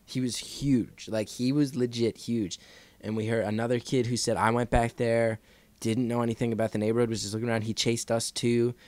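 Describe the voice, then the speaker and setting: A man's voice: mid-range voice, fairly quick, dry recording. A man telling a long story in a casual podcast chat, acting out the people in it. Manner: animated, acts out quoted voices. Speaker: podcast guest.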